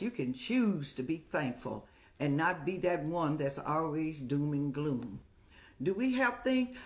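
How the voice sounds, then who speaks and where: An older woman hosting a live-streamed advice show, talking in a motherly, preachy way and telling stories with laughs. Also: on the low side. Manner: motherly, preachy, addresses viewers as "child".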